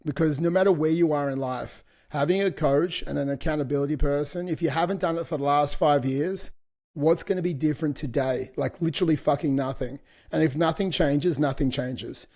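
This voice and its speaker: A man's voice: a little high, a little fast, darkish tone. A middle-aged man co-hosting a fitness podcast, talking in a blunt, motivational coaching way with some swearing. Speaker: podcast co-host.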